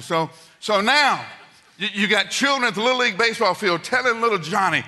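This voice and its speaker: A middle-aged man preaching a sermon, telling stories and swinging from loud, quick asides to hushed, slow lines. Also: high-pitched, sing-song.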